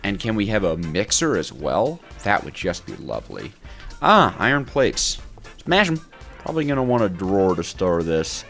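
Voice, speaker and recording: A man giving let's play commentary as a gaming creator, excitable and thinking aloud while he plays, talking to himself and often breaking into laughter. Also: low-pitched, moderate pace, creaky, soft background music. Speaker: gaming YouTuber.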